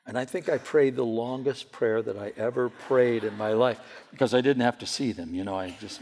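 A man preaching a sermon to a church gathering, telling stories in an animated way and often repeating his words as he goes. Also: medium pitch, normal speed, few pauses, slight background noise. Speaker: pastor. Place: church hall. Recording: long hall reverb.

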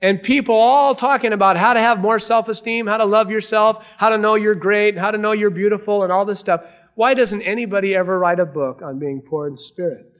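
A man preaching a sermon to a congregation, earnest, swinging between raised emphasis and hushed, quiet lines. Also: sits high, fairly quick. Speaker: pastor.

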